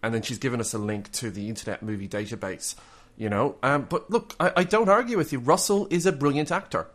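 An Australian man co-hosts a casual podcast and jokes his way through listener messages. He stumbles and restarts his sentences a lot, and his pitch sits in the middle of the male range. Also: fast, a bit bright. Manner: jokey, stammering restarts. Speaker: podcast co-host. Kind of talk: casual chat.

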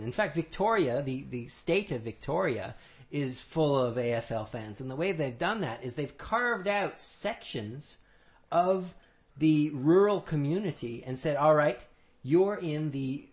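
A man co-hosting a casual chat, explaining plainly in a relaxed way. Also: mid-range voice. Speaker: podcast co-host.

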